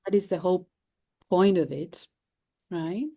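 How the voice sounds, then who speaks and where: Brief: woman therapist from Cyprus, low warm voice, reflective with fillers. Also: unhurried, slightly rough. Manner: thoughtful, repeating phrases, frequent fillers. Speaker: therapist, guest. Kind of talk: interview conversation.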